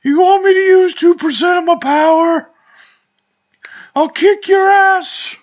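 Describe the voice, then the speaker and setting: A guy doing Shaggy, high-pitched cocky drawl. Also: fairly even intonation, slow pace. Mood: cocky, threatening. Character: overpowered laid-back cartoon slacker dude, male. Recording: dull lo-fi home recording.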